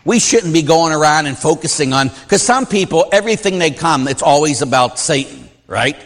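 Animated priest in a reverberant hall. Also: male voice, on the high side, brisk. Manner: animated, acts out quoted voices. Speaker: Catholic priest teaching a class. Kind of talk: informal religious teaching.

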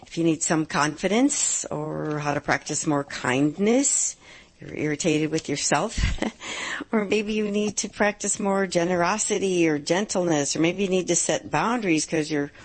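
A middle-aged woman hosting a live advice radio show, upbeat and emphatic, slowing down to stress key points. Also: on the low side, husky. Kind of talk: live call-in radio talk.

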